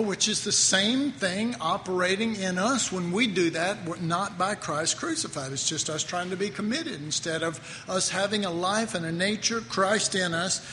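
A man with a high, slightly bright voice preaches a loose, conversational sermon in an echoey hall with faint noise. He often breaks off and chuckles at his own asides and jokes.

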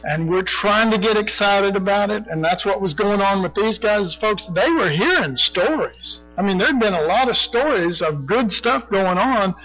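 A middle-aged or older man leads a Bible study in a loose, rambling preaching style, peppered with "you know" and clearing his throat. His voice sits high for a man. The recording is dull and lo-fi, with faint music underneath. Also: animated, normal speed, hardly any pauses. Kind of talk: conversational sermon teaching.

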